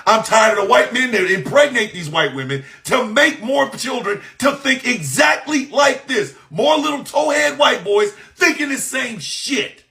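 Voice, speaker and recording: A man delivering an impassioned, profane monologue, shouting in bursts and firing off mocking rhetorical questions. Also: very high-pitched, animated, a little slow, gravelly, hardly any pauses.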